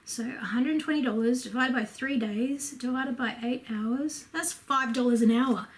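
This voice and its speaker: A woman with an Australian accent talks to camera in a relaxed home vlog. Her voice sits a little higher than most. She is chatty and candid, drifting between asides and fillers as she answers viewer questions. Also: normal speed. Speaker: home and lifestyle vlogger. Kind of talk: casual Q&A chat to camera.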